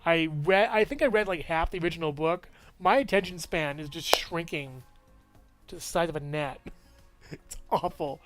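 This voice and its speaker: A man's voice: on the high side, moderate pace, over music. A man giving a casual, rambling movie review with lots of enthusiasm and frequent laughs.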